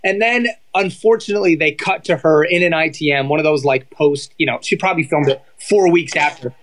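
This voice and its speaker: A man in his thirties, a guest on a chat show, telling casual stories in an animated way, full of fillers and acted-out quotes. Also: a little high, fairly quick, poor audio. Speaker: podcast guest, former reality dating show contestant.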